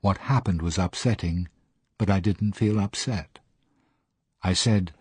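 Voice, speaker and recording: A man calmly reading a reflective first-person audiobook narration in a measured way. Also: low-pitched, breathy edge, dry recording.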